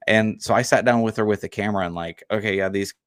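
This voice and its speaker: Lower-voiced dad rambling on a podcast. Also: male voice, fast talker, no room sound, clean studio sound. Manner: rambling, with many fillers and restarts. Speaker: podcast co-host. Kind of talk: casual chat.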